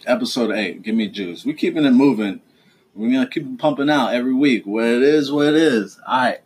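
A man's voice: mid-range voice, fairly quick, a little mellow, husky. A man hosting a casual home podcast with his child, teasing and lecturing in a fatherly way. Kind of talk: casual family chat.

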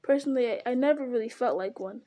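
A woman reading a storybook aloud, voicing a fussy, polite male hobbit who speaks in a prim, businesslike way, in a higher, mellow voice. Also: fast talker, close to an everyday voice.

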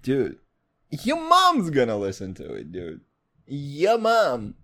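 Slow and sharp-toned with huge pitch swings, a young man hosts a podcast in casual chat. He rambles, swears freely, jokes along the way, and bounces between topics.

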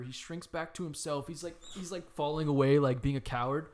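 A man in his twenties telling a friend about a movie in casual chat, animated, swearing, full of "like" fillers. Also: on the high side, normal speed. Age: 20s.

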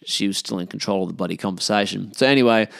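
Australian man, lowish voice, dry close sound, rambling blunt storyteller who swears a lot. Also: fast talker, vocal fry, fairly bright tone, no echo. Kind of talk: casual anecdote.

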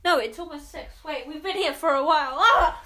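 A woman's voice: sits high, brisk, very noisy. A woman rambling in casual chat with lots of "like" fillers while building a set with a friend.

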